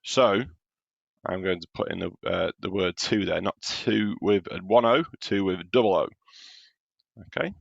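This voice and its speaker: A man's voice: sits low, moderate pace, vocal fry, dry recording, highs cut off. A man teaching a primary class in a recorded home-learning lesson, patiently explaining step by step as he checks his own writing.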